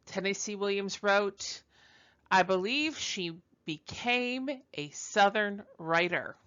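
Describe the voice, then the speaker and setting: A woman's voice: mid-range voice, sharp tone, muffled recording. A woman from Brooklyn giving a conversational recorded university lecture, chatty and self-deprecating, with frequent ums and uhs. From Brooklyn, New York.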